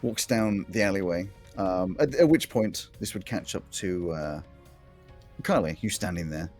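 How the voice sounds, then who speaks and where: A man's voice: sits low, measured pace, darkish tone, soft background music. A man narrating a tabletop game as the game master in a laid-back manner. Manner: laid-back, chuckling often.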